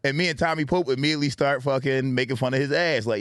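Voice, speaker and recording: A man in casual podcast chat, telling an animated story and swearing freely. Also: medium pitch, quick pace, dry recording, clean studio sound.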